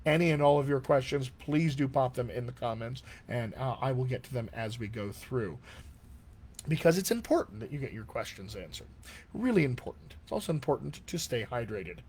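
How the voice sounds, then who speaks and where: A man coaching accents in a live-streamed Q&A, chatty and enthusiastic, often clearing his throat from allergies. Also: mid-range voice, expressive, fairly quick, a little mellow. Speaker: dialect coach.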